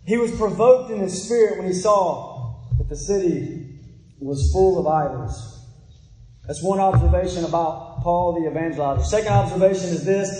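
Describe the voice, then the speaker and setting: Male preacher, very high mellow voice, sermon, echoey church hall. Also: moderate pace. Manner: earnest, repeats key phrases for emphasis. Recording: echoey hall with long reverb.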